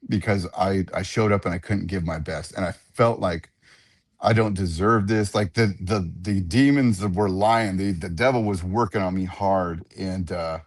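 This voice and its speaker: A man, an octagon announcer, telling animated stories in a casual radio interview and often repeating his words. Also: low-pitched, normal speed. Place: radio studio.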